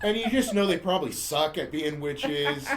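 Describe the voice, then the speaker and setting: A man's voice: a little high, animated, normal speed, slight background noise. A man hosting a podcast, casually retelling a movie's plot in a rambling, chuckling way. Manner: rambling, chuckling storyteller with restarts. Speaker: podcast host.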